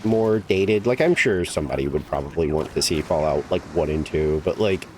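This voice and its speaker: A man's voice: extremely low pitch, moderate pace, a little mellow, slight background noise. A man streaming a game, chatting casually and rambling with lots of "like" and casual swearing. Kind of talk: casual chat while gaming.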